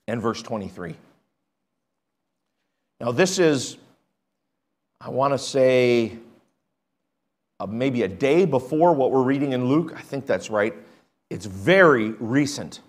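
A man preaching a sermon, reading scripture aloud and swinging between hushed, quiet points and loud, emphatic ones. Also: mid-range voice. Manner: reads scripture aloud in old-fashioned wording.

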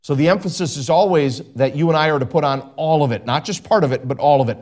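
A man preaching a sermon as a pastor, emphatic, with big pitch swings and repeated phrases. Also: fast talker, darkish tone.

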